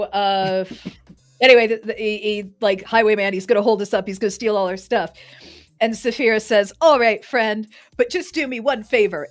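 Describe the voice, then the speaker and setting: A woman player narrating her character's actions in a tabletop game, chatty and full of fillers. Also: mid-range voice. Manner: chatty storytelling with frequent "like" and laughs.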